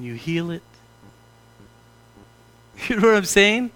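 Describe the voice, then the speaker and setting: A middle-aged man preaching a sermon as pastor, animated and direct, slipping into mock-pompous prayer voices to make a point. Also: high voice, slow, pauses often.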